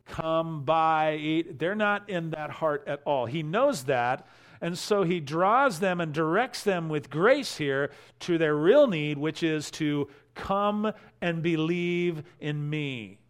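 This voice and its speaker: Male pastor, higher-pitched voice, expository sermon, emphatic delivery. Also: expressive, slow pace. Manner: expository preaching, quoting scripture verse by verse; emphatic swells in level on key phrases.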